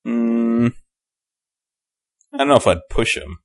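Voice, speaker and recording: A man in a casual podcast chat, giving short, hesitant, deadpan answers. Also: mid-range voice, slow pace. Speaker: podcast co-host.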